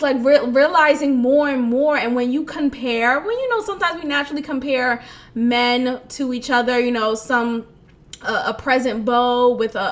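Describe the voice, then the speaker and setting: High-pitched woman w/ a bright voice, venting on her podcast, laughy and raw. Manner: emotional, laughing, frank and profane, many restarts. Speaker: podcast host. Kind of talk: candid solo podcast monologue.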